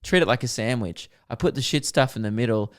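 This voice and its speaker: A man's voice: medium pitch, fairly quick. A young man co-hosting a podcast, chatting casually, joking and teasing. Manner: joking, teasing, laughs often. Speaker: podcast co-host. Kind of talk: casual chat.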